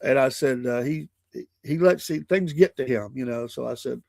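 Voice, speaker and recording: A man's voice: mid-range voice, moderate pace, vocal fry, darkish tone, dry recording, clean studio sound. An older man hosting a morning show, chatting in a folksy, chuckling, rambling way. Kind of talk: casual podcast chat.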